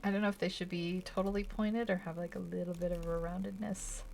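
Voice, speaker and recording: A woman's voice: fairly low pitch, flat delivery, brisk, vocal fry, a little mellow, slight background noise. A woman chatting casually while she draws, giggly and rambling, tired from a long day without sleep. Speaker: art channel host. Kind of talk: casual drawing commentary.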